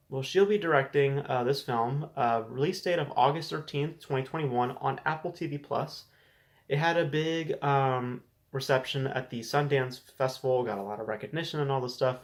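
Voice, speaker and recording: A man hosting a casual solo movie news show, sharing frank opinions in a conversational way, often restarting and repeating words. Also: medium pitch. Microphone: desk camera setup.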